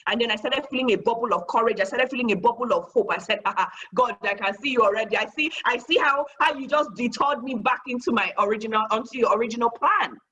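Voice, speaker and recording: Animated woman telling a story. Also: a little high, fast talker, hardly any pauses, husky, lo-fi sound. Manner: animated, acts out dialogue, preacher-like blessings. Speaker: guest speaker. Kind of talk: motivational storytelling talk.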